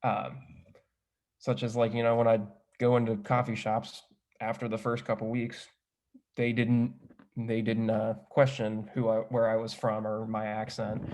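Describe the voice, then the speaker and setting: A man's voice: lowish voice, flat delivery, moderate pace, darkish tone. A young man who is a student panelist, describing his time abroad in a chatty, casual way, filling his speech with "like" and correcting himself as he goes. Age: young adult. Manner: chatty, heavy use of "like", self-correcting.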